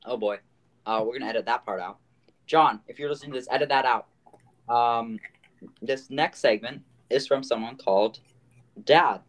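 A man's voice: mid-range voice, moderate pace, pauses often. Rambling casual podcast host, a man. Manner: rambling, full of fillers and restarts.

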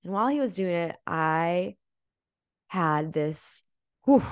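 Earnest, low-voiced woman coaching listeners. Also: animated, clean tone, no room sound, studio quality. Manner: earnest, emphatic, swears casually, slows down to stress key words. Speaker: podcast host and energy healing coach. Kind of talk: motivational coaching monologue.

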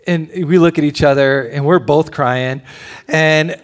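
A pastor with a slightly higher-pitched male voice delivers a sermon. He moves between animated storytelling and hushed, almost whispered reflection. He speaks as a father addressing a congregation. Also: measured pace. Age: adult with children. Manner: animated storytelling, drops to a near whisper at tender points.

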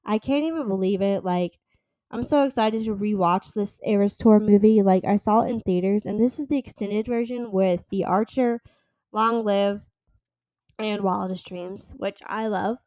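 On her own casual podcast, a woman in her twenties rambles and chats with plenty of fillers. Her voice is medium-pitched and dark-toned, at a normal speed, and the recording is dry.

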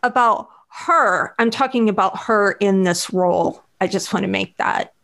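A woman's voice: medium pitch, unhurried, creaky, a bit bright. A woman co-hosting a casual movie review chat, sarcastic and mock-indignant. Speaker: podcast co-host.

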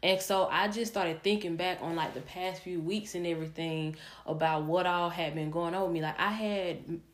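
A woman's voice: lowish voice, steady tone, moderate pace. A young adult woman hosting a podcast, telling a candid personal story in a rambling way with many fillers and restarts. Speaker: podcast host.

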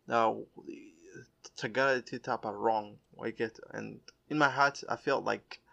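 A young man casually telling a story, mixing English with Shona, animated and laughing often as he swings between loud bursts and quiet asides. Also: mid-range voice, a little slow, vocal fry, highs cut off.

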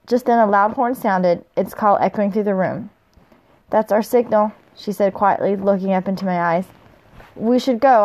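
A woman's voice: mid-range voice, a little mellow. A woman reading a fantasy novel aloud, stopping now and then to trip over a word or laugh and chat about the story. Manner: stumbles on hard words, laughs through her comments. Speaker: reader of a novel.

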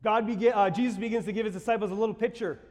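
A man preaches a sermon in a church sanctuary, his voice sitting high for a man. He talks conversationally, then bursts into shouts and exclamations. The sound trails off in a long hall reverb. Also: fairly even intonation, racing. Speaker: pastor.

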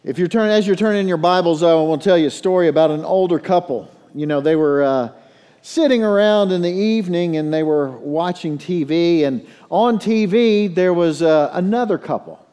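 A middle-aged man preaching a sermon as a pastor, telling stories and leading prayer in a hushed low voice. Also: normal speed, smooth. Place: church sanctuary. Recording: long reverb in a large hall.

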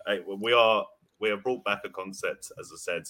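A man's voice: lowish voice, a little fast, bright, forceful tone. A laid-back man co-hosting a casual podcast, rambling through the intro with plenty of fillers. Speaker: podcast co-host.

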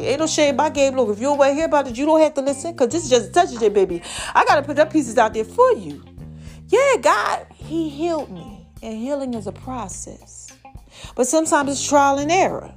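A woman, hosting a casual faith podcast and telling a story straight to her listeners. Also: high-pitched. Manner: chatty, animated storytelling, addresses listeners directly. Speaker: podcast host.

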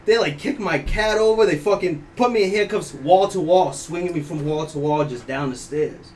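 A man from Ukraine, a native Ukrainian speaker, telling a story as a podcast guest in an animated, profane way, laughing often. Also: fairly high pitch, moderate pace. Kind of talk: casual storytelling. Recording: distant mic, faint background noise.

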